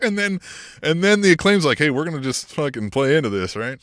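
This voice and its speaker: This podcast co-host talks wrestling in a mid-range, fairly bright voice, very animated and fast. He chats casually, swears freely, laughs a lot and mimics the voices of the people he discusses, all on a dry, studio-quality recording.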